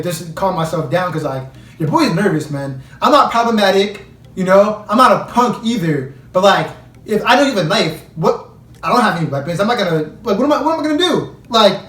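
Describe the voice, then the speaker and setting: A man's voice: high-pitched, a bit bright. A young man telling a casual story about his past, rambling and slangy, packed with "like". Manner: rambling, heavy use of "like", slangy. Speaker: storyteller vlogger. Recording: echoey room, mic at a distance.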